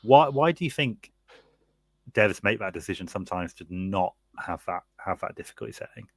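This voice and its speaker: Low-voiced man chatting about games. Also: normal speed, no echo. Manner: animated, laughing, rambling with fillers. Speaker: podcast co-host. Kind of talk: casual chat.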